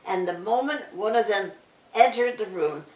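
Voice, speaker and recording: An older woman reading a bedtime story aloud, with an expressive storytelling manner. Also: medium pitch, normal speed. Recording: roomy echo.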